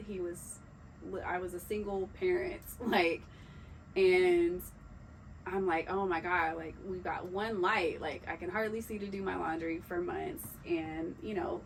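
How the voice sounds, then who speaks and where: Woman podcast co-host, low and gravelly, telling a personal story in a candid, emotional, halting way. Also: slight background noise, rough recording. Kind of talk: personal storytelling in casual chat.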